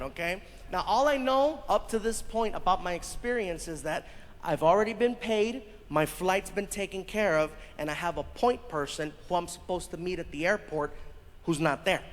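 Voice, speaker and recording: A man doing stand-up, telling a story with lively voices for the people in it and laughing as he goes. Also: sits high, moderate pace. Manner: animated storyteller acting out others' voices, laughing. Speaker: stand-up comedian. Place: live comedy stage. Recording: live show played back in a hall, audience noise.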